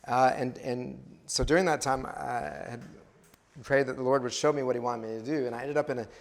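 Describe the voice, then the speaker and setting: A man's voice: medium pitch, fairly even intonation, fairly quick, vocal fry. A man in his fifties from West Texas, a missionary telling his own life story in a sermon, with many fillers and restarts. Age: 50s. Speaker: missionary speaker. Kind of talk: personal testimony in a sermon.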